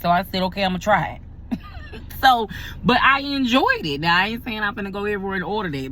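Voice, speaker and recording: A woman's voice: mid-range voice, a bit bright, a little hiss or hum. A woman, a pastor and vlogger, talking casually and emphatically to her viewers, repeating herself for effect. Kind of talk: casual talk to camera.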